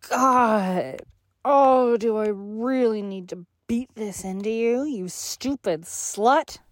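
A woman voicing a cruel, contemptuous, domineering young woman in an audio role-play, with heavy sighs and hushed asides. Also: mid-range voice, dry recording, lightly acted.

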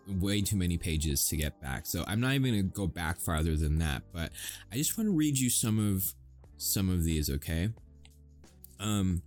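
American guy who makes audio roleplays, rambly and sweary, lowish voice, some quiet music in the back. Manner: rambling, swears, chuckles often. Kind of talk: casual chat to listeners.

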